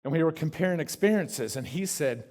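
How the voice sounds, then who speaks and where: Man preaching, slightly high voice. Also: animated, brisk. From Kentucky. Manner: conversational preaching with sudden drops to a soft hush. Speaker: guest preacher. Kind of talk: sermon. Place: church sanctuary.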